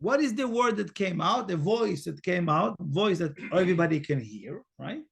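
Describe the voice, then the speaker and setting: A man giving a Torah portion lesson, emphatic and repetitive, swinging from loud urging to hushed, near-whispered asides, halting now and then on fillers. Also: sits high, expressive, gravelly, breathy edge. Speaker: spiritual teacher.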